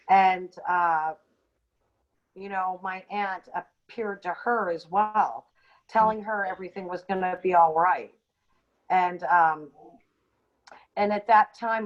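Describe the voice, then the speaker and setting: A woman co-hosting a podcast, telling a personal story in an unscripted, halting way with frequent ums and restarts. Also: mid-range voice. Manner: hesitant, many ums and restarts. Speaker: podcast co-host. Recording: dull lo-fi audio.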